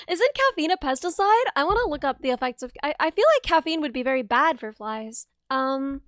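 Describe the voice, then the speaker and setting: A high-pitched young woman talks casually on her live stream from her bedroom, laughing easily and answering chat as she goes. Her voice sits dry and close, with no room sound around it. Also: animated, fairly quick, hardly any pauses, no echo. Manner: giggly, chatty, reads chat aloud. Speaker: livestreamer.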